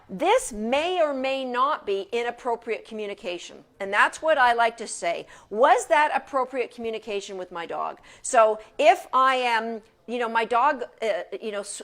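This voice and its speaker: Chatty woman dog trainer, slightly high. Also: fairly bright tone. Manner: casual, chatty, frequent restarts. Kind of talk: informal lecture. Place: home, sitting on a couch.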